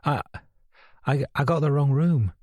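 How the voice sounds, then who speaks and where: A flustered young woman on the verge of tears, as a man narrating an audiobook puts her on, her voice lifted higher and a little husky. She pleads and apologizes in a breathy, shaken way, recorded dry and close. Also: unhurried, warm tone, no echo. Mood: tearful, pleading. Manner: pleading, teary.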